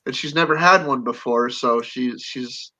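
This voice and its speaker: A man's voice: medium pitch, unhurried, sharp tone, highs cut off. A man hosting a livestream panel in casual chat, joking and laughing often. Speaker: livestream host.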